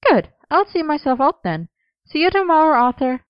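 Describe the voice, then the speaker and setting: A woman voicing a cheerful, bossy young woman who makes costumes, with a brisk, teasingly stern manner, in a storybook reading. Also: high-pitched, very animated, no echo, muffled recording, voice pushed up.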